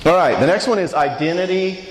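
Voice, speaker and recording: A man's voice: high voice, animated, fairly quick, noisy background. A man giving a church marriage conference talk, conversational and joking, often asking the audience questions. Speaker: conference speaker. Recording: reverberant church hall.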